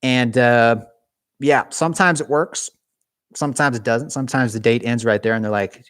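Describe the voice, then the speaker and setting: A young man chats live with his viewers in a loose, animated way, stumbling into restarts as his thoughts run ahead. His voice sits at an ordinary middle pitch, and the sound is dry and close with no room around it. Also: moderate pace, no room sound. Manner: casual, animated, talks with his hands; chatty with frequent restarts. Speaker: YouTube gaming channel host. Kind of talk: live stream chat with viewers.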